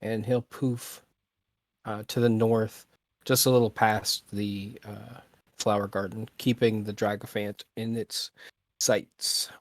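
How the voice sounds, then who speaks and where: Male player, unhurried and deliberate, dry close recording. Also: fairly low pitch, little pitch movement, no echo. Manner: deliberate, thinks aloud while planning. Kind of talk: describing his character's actions in a tabletop game.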